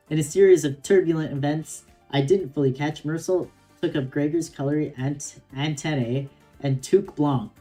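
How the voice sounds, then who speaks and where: A woman's voice: low voice, moderate pace, hardly any pauses, dark tone, faint music behind. A young woman streamer reading a game story aloud with giggly, chatty reactions.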